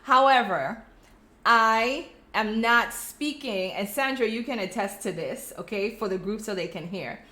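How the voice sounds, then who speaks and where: A middle-aged woman with a Crucian accent from St. Croix, chatting casually on a live stream, reading out viewers' comments and telling stories in a friendly, animated way. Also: medium pitch, unhurried. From US Virgin Islands (St. Croix). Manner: chatty, animated storytelling with friendly direct address. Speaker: host of a live check-in stream.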